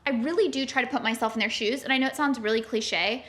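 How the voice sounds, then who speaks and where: A woman's voice: fairly high pitch, fast talker, fairly bright tone. A young adult woman co-hosting a podcast, chatty and self-deprecating with many fillers. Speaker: podcast co-host. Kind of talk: casual chat.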